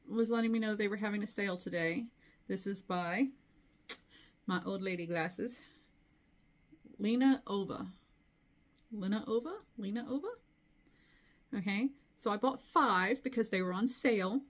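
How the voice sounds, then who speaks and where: Chatty middle-aged woman vlogging. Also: mid-range voice. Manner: chatty, rambling, with frequent asides. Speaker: cross-stitch vlogger. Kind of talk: casual chat.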